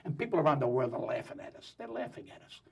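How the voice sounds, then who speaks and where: A man talking as a guest on a talk show, telling jokes and opinions in a rapid, wisecracking way. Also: on the high side, very animated, vocal fry, slightly rough. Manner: rapid, joking, wisecracking storyteller. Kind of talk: animated talk show banter.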